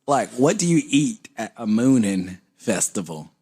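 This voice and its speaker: A man co-hosting a comedy podcast who talks in a laid-back, wry way. His voice sits at an ordinary middle pitch, and he drops joking asides while telling his story. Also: big pitch swings, measured pace, mellow, slightly rough. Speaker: podcast co-host. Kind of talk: casual comedic chat.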